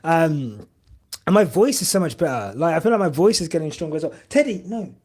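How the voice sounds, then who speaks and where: A man's voice: a little high, lively intonation, fairly quick, darkish tone. A young man hosting a live stream, chatting casually and emotionally in a rambling way with lots of fillers. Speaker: podcast host streaming live.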